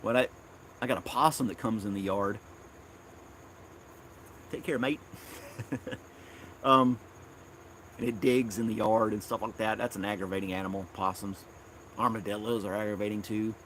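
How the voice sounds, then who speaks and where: A man's voice: lowish voice, steady tone, normal speed, long pauses, fairly bright tone, slight background noise. A man from Tennessee, hosting a casual live stream outdoors in his backyard, rambling and chuckling often.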